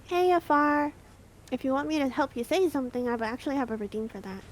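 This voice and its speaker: A woman's voice: sits high, animated, quick pace. A woman streaming and chatting casually with a co-host, playful and teasing, often giggling. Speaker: vtuber streamer. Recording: faint background noise.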